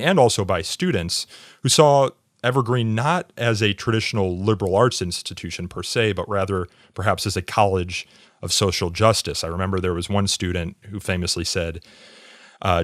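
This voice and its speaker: A man with a low voice hosts an interview podcast. He asks long, measured questions, pausing on fillers as he goes. The sound is dry and close, with no room around it. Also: no echo. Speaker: podcast host.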